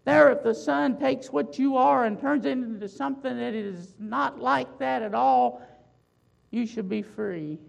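A woman preaching a sermon, building emphasis with loud swells and slow, drawn-out phrases. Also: fairly high pitch, creaky, poor audio.

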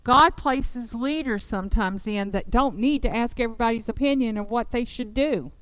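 A woman teaches a Bible lesson, retelling the story with emphatic, animated delivery. Her voice sits fairly high and sounds smooth and resonant. The sound is close and dry. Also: normal speed, dry recording, low-quality recording.

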